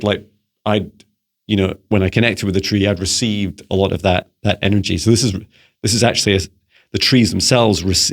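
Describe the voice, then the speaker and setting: Low-voiced scottish-born psychic guy rambling thru viewer questions, lots of um and restarts. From Scotland. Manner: rambling, many restarts and fillers; playful beeping noises. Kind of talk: casual channelling monologue.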